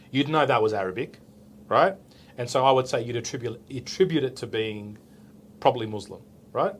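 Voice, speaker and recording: Medium in pitch, with a faint hiss or hum in the recording, an Australian police officer in his forties tells a story casually in an interview. He's animated, voices the dialogue, and leans on "right?" as a tag.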